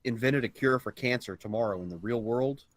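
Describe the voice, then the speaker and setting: A man's voice: medium pitch, brisk, no echo. A man co-hosting a gaming podcast in casual chat, talking bluntly and emphatically, swearing freely. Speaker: podcast co-host.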